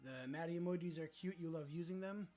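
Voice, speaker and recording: A man's voice: a little high, fairly quick, warm tone, faint music behind. A man hosting a casual livestream, joking around and answering viewer chat aloud, with some swearing. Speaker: livestream host.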